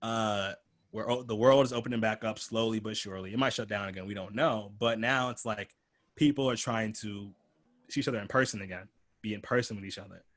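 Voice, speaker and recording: A man's voice: lowish voice, steady tone, fairly quick, fairly bright tone. Laid-back young man hosting a podcast. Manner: loose, rambling, laid-back, heavy filler words. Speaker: podcast host. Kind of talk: casual conversational podcast.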